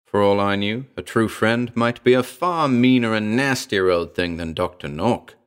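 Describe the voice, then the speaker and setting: A man's voice: fairly low pitch, normal speed, smooth. A man narrating a comic pulp story in a dry, wry storytelling manner.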